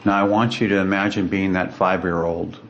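Deep gravelly man telling his story. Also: flat delivery, a little fast, a bit bright, dull audio, a little hiss or hum. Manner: earnest, dramatic retelling with quoted voices. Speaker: guest. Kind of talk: personal storytelling.

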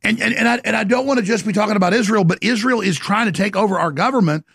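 A middle-aged man with a very gravelly, strained voice that sits high. He rants intensely on his talk show, boastful and combative. The sound is bone-dry and close. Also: fast, a bit bright, no echo. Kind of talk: ranting monologue.

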